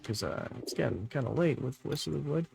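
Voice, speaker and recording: A young man streaming a game live, chatting to his viewers, a little tired, with loud bursts of excitement. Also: mid-range voice, a little fast, gravelly, noisy background. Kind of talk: live gaming commentary.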